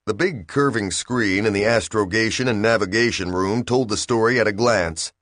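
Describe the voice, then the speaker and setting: A man narrating a comic science fiction audiobook in an even, steady storytelling voice. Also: on the low side, moderate pace, dry recording, clean studio sound. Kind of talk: scripted narration.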